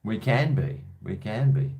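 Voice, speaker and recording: A man's voice: fairly low pitch, lively intonation, measured pace, a little mellow. An Australian man from Brisbane hosting a casual call-in show, with jokey, blokey banter. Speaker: host of a call-in livestream.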